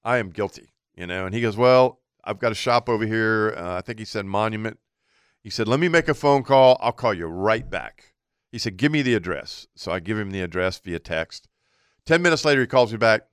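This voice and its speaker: A man's voice: fairly low pitch, fairly quick, smooth, no echo, studio quality. A man co-hosting a radio talk show, telling a long story in a casual way and acting out what people said. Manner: animated anecdote teller acting out quotes.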